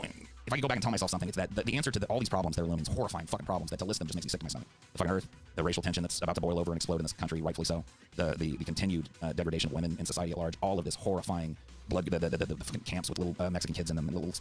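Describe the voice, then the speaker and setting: A man's voice: low voice, fairly even intonation, racing, soft background music. A middle-aged man in a heated political debate, speaking passionately and swearing freely. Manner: fiery, profane, heartfelt. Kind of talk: impassioned debate.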